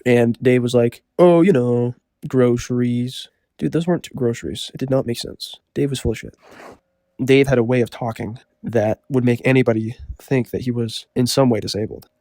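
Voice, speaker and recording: Guy rambling thru a story, deadpan, lots of likes, dry mic. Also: medium pitch, fairly quick, no echo. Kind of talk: casual storytelling.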